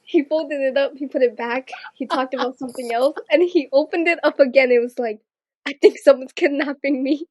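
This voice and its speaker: High-pitched woman, dry close sound, rambling chatty storyteller. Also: fairly quick, darkish tone, no room sound. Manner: rambling, lots of "like", quoting others. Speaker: podcast co-host. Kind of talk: casual chat.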